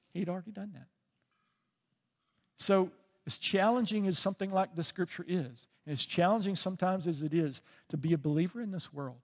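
A man preaching a sermon as pastor, telling a story with deep feeling and often dropping to a soft voice. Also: long reverb tail. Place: church sanctuary.

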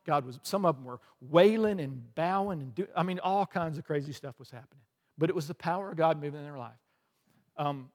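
Man preaching a story in a reverberant hall. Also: on the high side. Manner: animated storytelling with quoted dialogue and asides. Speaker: pastor. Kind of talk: sermon.

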